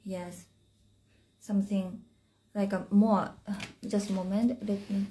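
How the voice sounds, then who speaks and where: A woman whose first language is Japanese leads a live spiritual chat in unhurried, halting English. Her voice is mellow and warm, and she pauses often to find the right phrase. She is talking into a phone. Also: medium pitch, steady tone. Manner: halting, searching for words in English. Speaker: spiritual teacher.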